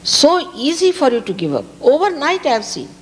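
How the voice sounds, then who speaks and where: A woman's voice: high-pitched, very animated, fairly quick. A woman from India with an Indian accent, giving a public spiritual talk and repeating key words for emphasis. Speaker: spiritual teacher. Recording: reverberant hall, faint background hiss.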